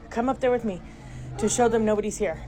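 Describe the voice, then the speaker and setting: A woman's voice: fairly high pitch, moderate pace, crowd noise. Frightened woman whispering into a phone. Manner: panicky, breathless, often whispering. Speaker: homeowner filming at home. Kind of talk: frightened phone video narration. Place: inside a house. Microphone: phone camera.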